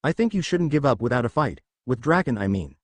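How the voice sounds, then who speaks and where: A man's voice: mid-range voice, very animated, a little fast, no echo. A man voicing a kindly, mildly lecturing middle-aged father in a read-aloud story, close to his own voice. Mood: fatherly.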